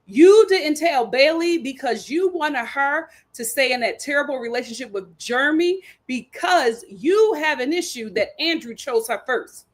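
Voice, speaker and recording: A young woman hosts a casual recap of a reality show. She speaks with a bright, high voice. She tells the story in an animated way and drops in sassy asides. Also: measured pace, few pauses.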